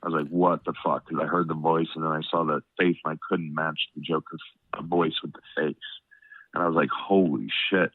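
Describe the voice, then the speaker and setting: A man's voice: extremely low pitch, little pitch movement, fairly quick, no echo. Stuffy-nosed man rambling on a tinny line. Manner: rambling, full of "you know what I mean". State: stuffed up nose. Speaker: podcast host. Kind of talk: casual chat. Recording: tinny phone-like line, dry.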